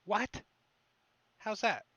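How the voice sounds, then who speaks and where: A man narrating as dungeon master, talking slowly and offhandedly as he moves pieces on a virtual map. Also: sharp tone, dry recording, rough recording. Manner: slow, offhand, thinking aloud while moving tokens. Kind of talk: narrating a tabletop game online.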